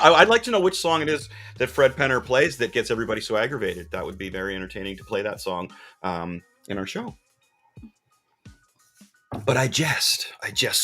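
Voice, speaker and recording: An excitable man chats on his live stream from a comic shop, and his pitch bounces all over as he jokes and bursts into loud greetings. His voice sits in a middle register. Faint music plays behind him. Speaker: podcast host and comic shop owner. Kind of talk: casual live-stream chat.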